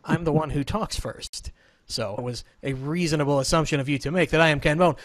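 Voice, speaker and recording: A man hosts his own podcast with a casual, joking ramble and a slightly high voice. The recording is dry and close, with no room echo. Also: a little fast. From Southern Illinois. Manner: joking, rambling, self-deprecating. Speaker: podcast host. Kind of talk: casual chat. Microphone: remote call setup.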